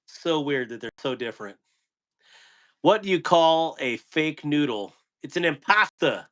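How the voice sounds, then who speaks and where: A man's voice: a little high, lively intonation, unhurried, fairly bright tone. A man hosting a casual live stream, rambling loosely and telling corny jokes to his viewers.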